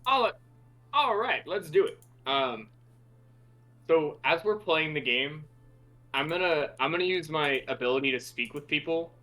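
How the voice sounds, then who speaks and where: A man's voice: on the high side, expressive, measured pace, bright, forceful tone. A man playing a tabletop role-playing game, talking hesitantly and playfully, with many restarts. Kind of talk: casual tabletop role-play chat.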